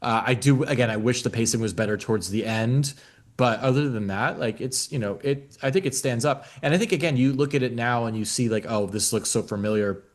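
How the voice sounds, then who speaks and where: A man's voice: medium pitch, a little fast. A man co-hosting a podcast, chatting casually about a film, with many fillers and restarts. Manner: loose, filler-heavy opinions with many restarts. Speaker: podcast co-host. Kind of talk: casual chat.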